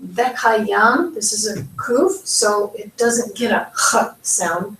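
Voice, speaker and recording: Slow, patient woman teaching pronunciation. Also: medium pitch, a bit bright, distant mic. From United States. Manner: patient, careful, spells out sounds slowly. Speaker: Hebrew teacher. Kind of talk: slow step-by-step language lesson. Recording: echoey room, voice from off-mic.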